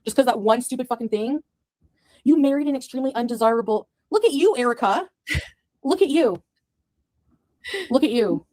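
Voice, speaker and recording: A woman's voice: fairly high pitch, animated, normal speed, pauses often, dark tone. A woman in a played clip delivering an angry, profane rant to the camera, scornful and cursing at her critics.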